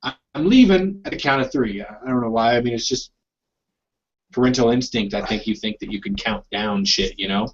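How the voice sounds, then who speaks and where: A man's voice: mid-range voice, a little fast, breathy edge. A man co-hosting a casual chat, telling wry parenting stories in a laid-back way. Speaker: podcast co-host and father. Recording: dull lo-fi live stream audio.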